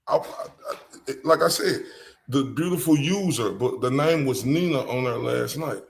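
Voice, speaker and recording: A man's voice: medium pitch, lively intonation, normal speed, creaky. A man with a Southern US accent hosting a live stream, talking bluntly and with profanity straight to his chat. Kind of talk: casual live-stream commentary.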